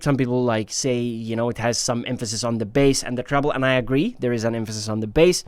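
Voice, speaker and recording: A man's voice: medium pitch, no room sound, studio quality. A man hosting his own channel, giving a casual and enthusiastic spoken review with frequent hesitations and fillers. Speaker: headphone reviewer, channel host. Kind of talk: casual product review talk.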